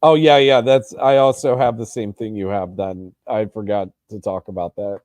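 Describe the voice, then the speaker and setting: Mellow-voiced man in casual sports chat. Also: fairly low pitch, fairly even intonation, moderate pace, dry recording. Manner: hesitant, lots of restarts and ums. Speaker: podcast co-host.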